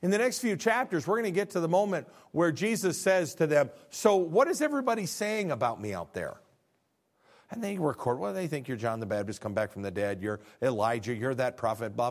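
A middle-aged man preaching a sermon as pastor, animated, acting out dialogues and swinging from quiet low lines to near shouts.

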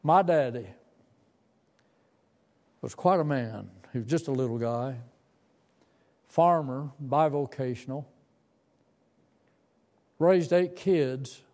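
A man's voice: mid-range voice, slow pace, pauses often, a little mellow. A man in his seventies telling a tender, folksy story from his boyhood as part of a sermon. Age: 70s. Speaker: preacher.

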